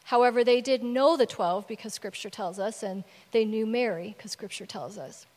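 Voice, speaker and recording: A woman's voice: a little high, moderate pace, long reverb tail. A woman preacher delivering a sermon, retelling scripture in an emphatic storytelling manner. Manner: storytelling, emphatic with varying loudness.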